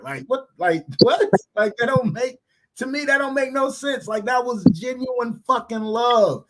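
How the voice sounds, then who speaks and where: High-voiced, blunt man talking shop. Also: normal speed, low-quality recording. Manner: blunt, animated, heavy slang and profanity. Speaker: podcast co-host. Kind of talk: casual podcast chat. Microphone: remote stream mic.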